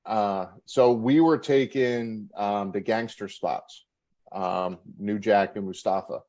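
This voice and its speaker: A man's voice: fairly low pitch, steady tone, takes it slowly, darkish tone, highs cut off. A middle-aged man, a former wrestler, telling backstage stories in a casual interview, laughing and acting out quotes. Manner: laughing anecdotal storyteller, acts out quotes.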